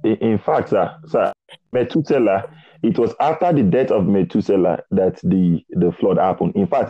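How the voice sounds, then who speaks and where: A young man from Nigeria sharing a personal faith testimony in conversation, animated and acting out dialogue. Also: fairly low pitch, no room sound. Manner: animated storytelling, acts out dialogue, repeats words. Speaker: guest preacher. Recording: dull lo-fi dry sound.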